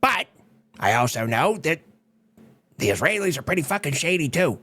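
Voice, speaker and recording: A man's voice: on the high side, sing-song, normal speed, a bit bright. A man on a podcast with brash, crude banter and heavy swearing. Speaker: podcast co-host.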